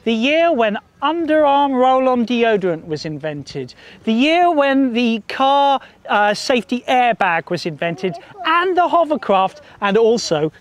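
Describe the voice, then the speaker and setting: A man telling stories to a group of children in a park, in a lively sing-song way, coaxing them to join in. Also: extremely high pitch. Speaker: children's storyteller. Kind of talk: storytelling to children outdoors. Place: outdoors in a park.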